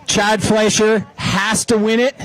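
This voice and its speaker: A man calling a head-to-head ski race live, building excitement as the racers close in. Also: high-pitched, takes it slowly, poor audio. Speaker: sports commentator.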